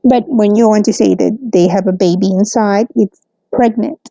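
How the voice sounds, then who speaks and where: A woman's voice: medium pitch, steady tone, normal speed, creaky, dark tone, no echo. A woman teaching English vocabulary, explaining carefully and checking in with "mm-hmm" and "okay". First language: Spanish. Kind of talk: recorded language lesson. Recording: dull, muffled, close and dry.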